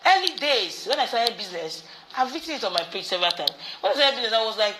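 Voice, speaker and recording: A Nigerian woman coaches business owners in a bright, crisp voice and repeats her key points for emphasis. Faint background noise sits under her voice. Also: on the high side, big pitch swings, fast, poor audio. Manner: repeats phrases for emphasis, storytelling. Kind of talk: teaching a business talk.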